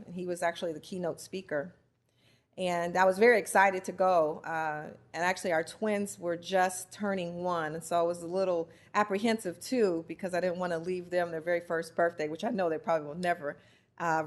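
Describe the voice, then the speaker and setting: A woman from the United States sharing her experience as a spouse, earnest and halting with many restarts. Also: fairly low pitch. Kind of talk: heartfelt personal testimony.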